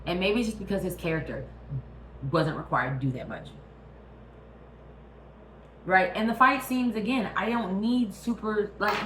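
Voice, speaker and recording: A vlog host rants about a movie on her own channel, casual and profane, speaking straight to the viewer and checking in with them. Her voice is medium-pitched, her pace measured with frequent pauses, and the room echoes over slight background noise.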